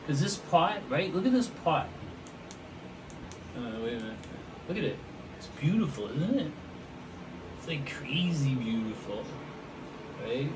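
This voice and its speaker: This pot-painting vlogger chats casually and goofily, wandering from topic to topic while addressing his audience directly. He speaks unhurriedly and expressively in a fairly high voice, pausing often, picked up from a distance amid background noise.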